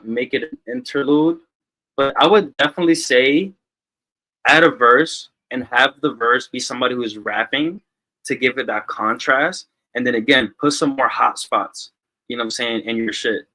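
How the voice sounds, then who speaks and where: A man's voice: mid-range voice, pushed and bright, rough recording. A man hosting a livestream music review, giving casual feedback with lots of filler words over a video call. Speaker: music review show host.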